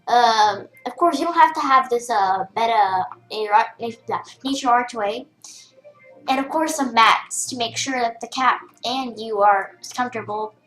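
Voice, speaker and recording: Over the sound of her keyboard, a young girl chats and rambles through a casual screen-recorded tutorial as a game host, with plenty of fillers and restarts. Her female voice sits high and a bit bright; the sound is roomy and the audio poor.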